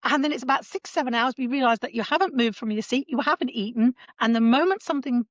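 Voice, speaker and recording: A woman's voice: sits high, quick pace, no echo. Chatty woman, slightly muffled. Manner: rambling, laughs while talking. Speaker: podcast co-host. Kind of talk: casual chat.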